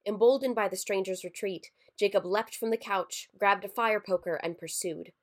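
A woman narrating a scripted horror story in a measured, somber way. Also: medium pitch. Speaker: story reader.

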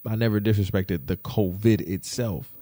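A man's voice: lowish voice, normal speed, dark tone, dry recording, clean studio sound. A young man telling viewers an emotional personal story, repeating himself and restarting sentences. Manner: repetitive, restarting, addresses viewers as y'all. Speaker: vlogger.

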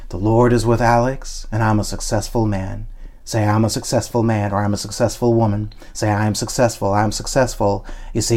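A man's voice: on the low side, a little mellow. A man preaching an online sermon, emphatic and repetitive, calling his listeners "guys" and leading them in spoken confessions.

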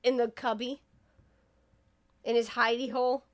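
A woman's voice: fairly high pitch, flat delivery, unhurried. Tipsy lady on a podcast, retelling a movie scene by scene, doing the lines herself. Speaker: podcast co-host recapping a movie. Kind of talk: casual chat.

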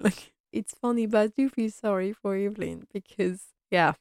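A woman's voice: medium pitch, normal speed, creaky, few pauses, a little mellow, no echo, studio quality. Chatty young woman recapping an episode. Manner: chatty and enthusiastic, laughs often, many "like" fillers. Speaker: fan reviewer of a TV series.

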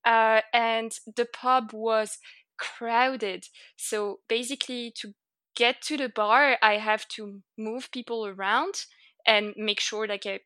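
Young french-accented woman, chatty and laughing, bright voice, dry close sound. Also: a little high, steady tone, slow pace, dry recording. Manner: chatty, laughs often, many fillers. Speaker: guest. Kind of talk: casual interview.

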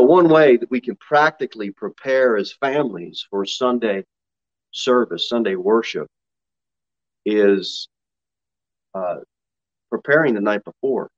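Male pastor, lively pitch swings, folksy sermon delivery, muffled lo-fi recording. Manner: folksy, laughing asides between scripture readings.

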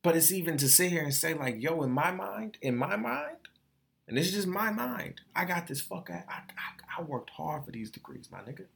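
A man's voice: on the high side, sing-song, moderate pace, creaky, a bit bright. A young adult man hosting his own podcast, speaking in a candid, profane, emotional monologue and repeating phrases as he vents. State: tearful. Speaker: podcast host.

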